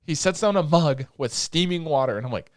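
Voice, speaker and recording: A young man co-hosting a podcast, recapping anime in a rambling, excitable way with lots of filler words and swearing. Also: on the high side, brisk, no echo, clean studio sound. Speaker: podcast co-host. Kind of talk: casual chat recapping anime episodes.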